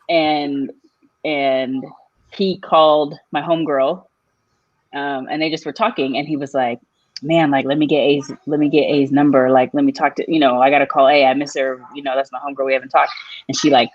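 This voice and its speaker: Low-voiced woman telling a story, lo-fi. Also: normal speed, no room sound. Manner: animated, jumps high in pitch when quoting people. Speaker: guest. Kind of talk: casual storytelling on a live podcast.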